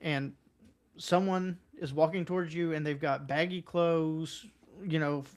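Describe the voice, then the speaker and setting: High-voiced guy on a podcast, blunt and chatty, voice jumps up when quoting people. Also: unhurried. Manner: blunt, conversational, animated, pitch jumps up for quoted lines. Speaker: podcast co-host. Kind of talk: casual political podcast chat.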